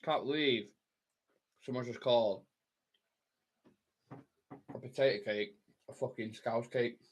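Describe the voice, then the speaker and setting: A man's voice: mid-range voice, slow pace, slightly rough. Young man, sweary banter, football watchalong host, close mic. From Manchester, England. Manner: sweary, banter-heavy, reacting to chat. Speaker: fan channel livestream host. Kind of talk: casual football watchalong chat. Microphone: close mic, eating into it.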